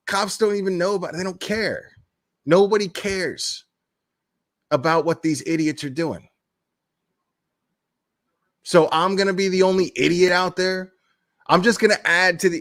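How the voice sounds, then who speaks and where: Hot-headed male vlogger, casual profane rant, slightly high pitch. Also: fairly bright tone. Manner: blunt, heated and profane, with laughing asides. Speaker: crime commentary YouTuber.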